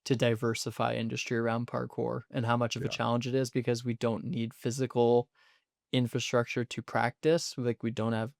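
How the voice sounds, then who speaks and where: A man's voice: mid-range voice, little pitch movement, moderate pace, vocal fry, no room sound, studio quality. Analytical young man hosting a podcast. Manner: thoughtful, analytical, laughs often. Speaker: podcast host. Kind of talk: casual conversation.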